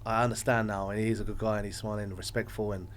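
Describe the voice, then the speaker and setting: Rambling, animated male podcast guest. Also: lowish voice, fast talker. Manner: voice swings from loud to quiet. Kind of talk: casual chat.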